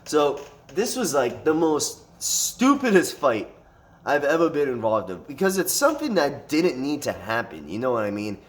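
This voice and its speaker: Man, casual storytime, profane, rambling, animated retelling. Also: medium pitch, moderate pace. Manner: rambling with restarts and fillers.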